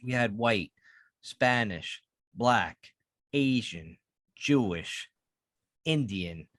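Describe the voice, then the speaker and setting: A man's voice: fairly low pitch, expressive, very slow, a bit bright, no room sound, studio quality. A man, co-hosting a podcast in casual chat and ranting heatedly with plenty of swearing. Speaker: podcast co-host.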